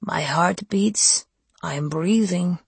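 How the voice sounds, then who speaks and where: A woman reading an audiobook, voicing a cold, seductive male undead vampire who speaks low and taunting. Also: drawn-out words, creaky, breathy edge, no echo, heavily acted. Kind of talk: audiobook character voice.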